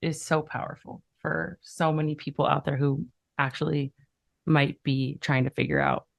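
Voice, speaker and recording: A woman's voice: low voice, steady tone, normal speed, gravelly, no room sound. A woman hosting a podcast, speaking emotionally in casual chat. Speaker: podcast host.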